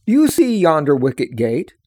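A man's voice: fairly high pitch, wildly swooping pitch, warm tone. A man reading aloud, voicing a grave male guide who speaks solemnly in old-fashioned speech. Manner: solemn, measured, archaic speech.

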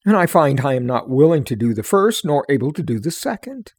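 A man's voice: on the high side, very animated, a little fast, darkish tone, slightly rough, no echo, full character voice. A man reading aloud, voicing an anguished male pilgrim who pleads in old-fashioned speech. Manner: earnest, pleading, archaic speech.

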